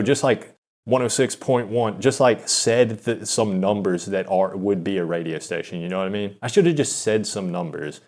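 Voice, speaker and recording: A young man telling an awkward personal story in a rambling, halting, self-deprecating way, full of restarts and fillers. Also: on the low side, a little mellow. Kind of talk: confessional storytelling monologue.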